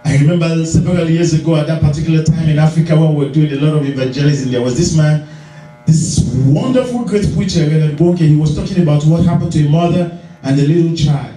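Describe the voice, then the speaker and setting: A man preaching a sermon as pastor, animated and repetitive, acting out the voices in his stories. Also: on the high side, fast, distant mic, soft background music. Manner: animated, acts out voices, repeats phrases. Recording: echoey church hall, heard from afar.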